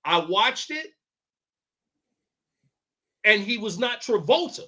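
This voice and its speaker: A man's voice: sits high, very animated, slow pace, pushed and bright. A man co-hosting a podcast, chatting casually, asking questions and giving his opinions. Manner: asks questions and gives opinions. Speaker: podcast co-host. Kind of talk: casual chat.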